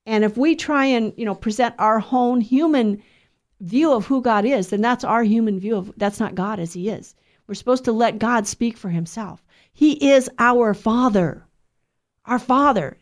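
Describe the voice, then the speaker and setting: Middle-aged woman, religious speaker, earnest conversational preaching, slightly high voice. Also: moderate pace. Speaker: Catholic speaker. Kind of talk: spoken religious talk.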